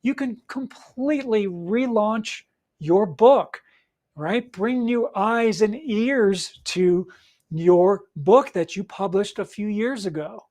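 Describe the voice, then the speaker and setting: Encouraging male podcast host, coaching tone. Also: takes it slowly. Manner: encouraging, repeats points with frequent "right?" and "all right?"; acts out nervous clients in a higher, louder voice. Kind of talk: motivational solo podcast talk.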